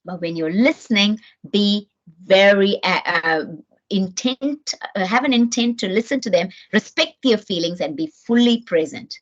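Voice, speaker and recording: A middle-aged woman from New Zealand gives an earnest, animated parenting talk with frequent restarts. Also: medium pitch, normal speed. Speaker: parenting speaker. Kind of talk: motivational talk to camera. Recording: dull lo-fi sound.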